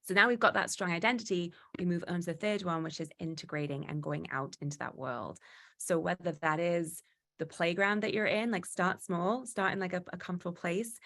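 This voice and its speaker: A woman giving a motivational talk, animated and acting out quoted exchanges, with frequent restarts. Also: on the low side, a little fast, creaky. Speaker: guest speaker.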